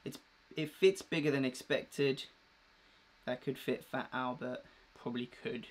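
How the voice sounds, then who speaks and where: A man's voice: mid-range voice, fairly even intonation, measured pace. A young man chatting casually and rambling with slang while unboxing a new clothing order on a live vlog. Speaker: fashion vlogger.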